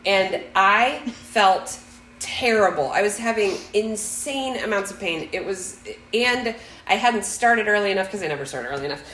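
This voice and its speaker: A woman's voice: mid-range voice, normal speed, echoey room, slight background noise, poor audio. A middle-aged woman telling a family story in casual chat, acting out quotes with laughter. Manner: animated, acts out quotes with laughter.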